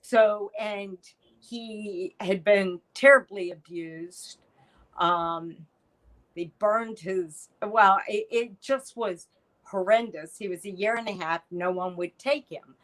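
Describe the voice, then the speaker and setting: Guest, middle-aged woman, unhurried delivery, animated storyteller. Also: mid-range voice, rough recording. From United States. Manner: animated storyteller, acts out quoted lines. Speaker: podcast guest, artist. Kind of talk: storytelling interview chat.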